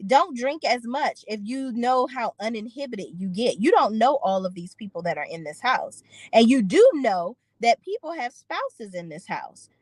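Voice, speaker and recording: A woman's voice: fairly high pitch, no room sound, rough recording. A woman giving an opinionated, sassy recap of a reality TV episode, slipping into voices for the people she quotes. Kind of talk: casual recap commentary.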